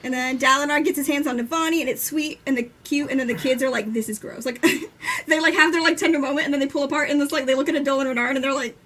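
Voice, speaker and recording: A young woman with a high voice co-hosts a casual live-stream book chat, talking fast and excitably. She's enthusiastic, swears freely, and acts out quotes while laughing.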